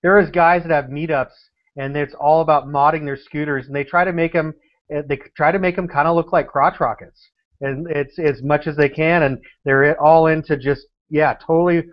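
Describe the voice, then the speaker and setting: Man, eager chatter, a bit high-pitched, dull lo-fi sound. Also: steady tone, moderate pace. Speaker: motovlogger guest. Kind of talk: casual chat.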